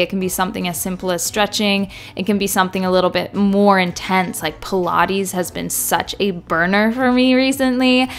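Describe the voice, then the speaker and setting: A young woman chatting casually to viewers in a vlog, upbeat and direct. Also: medium pitch. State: out of breath at times. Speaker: vlogger.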